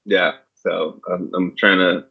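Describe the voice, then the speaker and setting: A man's voice: sits low, steady tone, takes it slowly, vocal fry, husky. A middle-aged man co-hosting a podcast, joking around in casual chat with the odd swear. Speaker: podcast co-host. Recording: dull, lo-fi sound.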